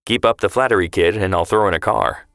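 A man's voice: fairly low pitch, fast talker, creaky, dry recording. Man reading as a feisty teasing grandpa. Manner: sharp-tongued, affectionate banter. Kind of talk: storybook reading.

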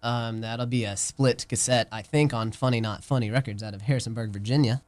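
Deadpan joking man, band member. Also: mid-range voice, a little fast. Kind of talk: casual interview.

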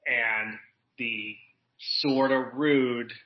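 A man talking casually on a podcast, meandering through his thoughts with restarts and fillers. His voice sits at an ordinary middle pitch. The audio is a little dull and muffled. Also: steady tone, drawn-out words. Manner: rambling, lots of restarts and fillers. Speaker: podcast guest. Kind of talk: casual chat.

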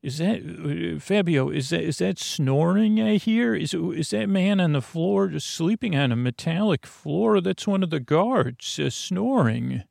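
A man's voice: a little high, lively intonation, measured pace, gravelly, hardly any pauses, a little mellow, no room sound, studio quality, voice pushed up, exaggerated voice. A man voicing a pampered socialite woman who frets and rambles theatrically. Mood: fussy.

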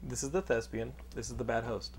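A man's voice: medium pitch, steady tone, fairly quick, gravelly, a little mellow, slight background noise. A man hosting a casual interview chat, joking and self-mocking. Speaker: show host.

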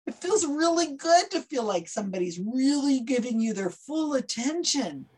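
A woman talking casually in an interview, animated and quick to act out other people's voices as she tells a story. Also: high-pitched, slightly rough. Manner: animated, acts out quoted voices mid-story. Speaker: guest skeptic of psychics. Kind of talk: conversational interview.

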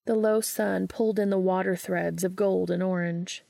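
A woman narrating a story aloud in a steady, measured way. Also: mid-range voice, creaky, no echo, clean studio sound.

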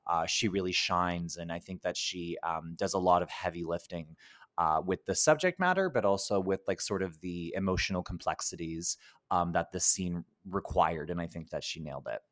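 A man's voice: low voice, moderate pace, fairly bright tone, no echo, studio quality. A man hosting a film podcast, chatting casually with fillers and frequent laughs. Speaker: podcast host. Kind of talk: casual film review chat.

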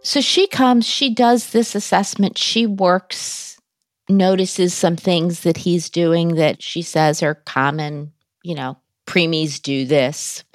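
A woman's voice: fairly low pitch, takes it slowly, dry recording, studio quality, soft background music. A woman guest in an interview, telling a personal story in a candid, conversational way with wry humor.

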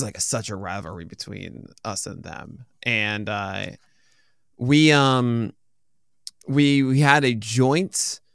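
A man hosting a casual chat, telling stories in a relaxed, rambling way. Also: mid-range voice, gravelly, clean tone, no room sound, clean studio sound. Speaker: host.

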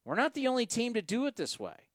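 High-voiced ranting radio sports host. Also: male voice, wildly swooping pitch, fast talker, no room sound, studio quality. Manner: ranting, sarcastic, emphatic. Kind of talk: post-game radio talk.

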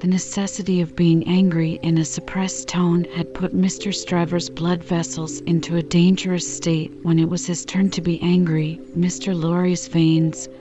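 Lady reading an old novel aloud, kinda muffled lo-fi sound, music behind. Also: lowish voice. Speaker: audiobook reader. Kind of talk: scripted narration.

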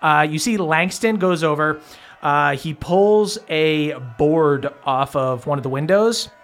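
A man's voice: fairly high pitch, slow. Casual man narrating a tabletop game. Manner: casual, many fillers and swearing. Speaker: game master.

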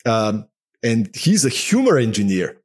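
A talkative, animated man speaking as a podcast guest in casual interview talk, often dropping "man" into his sentences. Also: fairly low pitch, measured pace, slightly rough.

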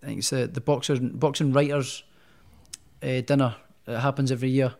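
A man's voice: medium pitch, brisk. A young man, a professional boxer telling stories in a casual interview, with many restarts. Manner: rambling, animated storyteller with many restarts.

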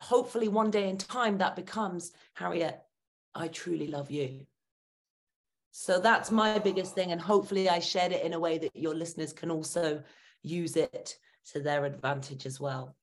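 A woman's voice: lowish voice, steady tone, normal speed. A woman talking as a guest in a podcast interview, a confidence trainer who speaks in an earnest, encouraging coaching tone.

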